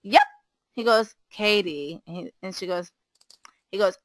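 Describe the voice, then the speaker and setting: Teacher type, a woman with a bright, forceful voice, an animated storyteller who jumps up in pitch for quotes, recorded dry. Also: normal speed, no echo, rough recording. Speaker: preschool teacher. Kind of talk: casual storytelling chat.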